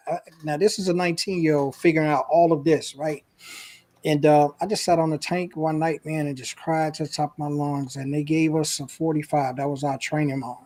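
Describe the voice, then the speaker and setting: A man's voice: a little high, steady tone, a little fast, darkish tone. A man, a guest on an interview show, earnestly telling a personal story in a casual, emotional way.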